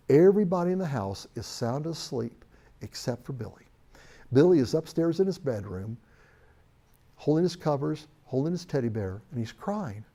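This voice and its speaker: Animated man teaching a sales course. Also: fairly high pitch, normal speed, vocal fry, breathy edge. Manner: storytelling, animated and emphatic. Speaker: sales trainer. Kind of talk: recorded training lecture.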